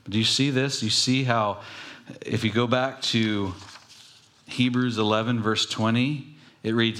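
A man's voice: mid-range voice, steady tone, unhurried, long pauses, a bit bright. A man preaching a sermon in a casual storytelling style, with joking asides. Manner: conversational, jokey asides.

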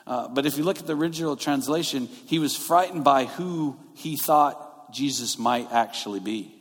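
A man's voice: mid-range voice, moderate pace. Man preaching in a reverberant hall. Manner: conversational, explaining scripture verse by verse. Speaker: pastor. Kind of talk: sermon. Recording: long reverb of a large hall.

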